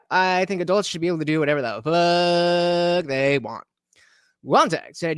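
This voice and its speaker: Male streamer reading chat live: sarcastic, mocking, swinging between outbursts and mumbles; animated pitch, forceful tone, dry close sound. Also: no room sound.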